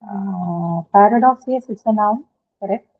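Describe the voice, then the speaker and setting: A woman's voice: mid-range voice, unhurried. A woman teaching an English class, explaining patiently and checking in with her students. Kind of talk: classroom lecture on word stress. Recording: phone-like lo-fi classroom audio.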